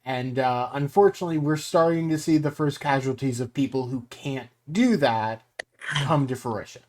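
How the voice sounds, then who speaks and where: Young male co-host: calm and analytical, talking through the show's strategy. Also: mid-range voice, moderate pace. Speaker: podcast co-host. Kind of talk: casual reality-TV recap chat.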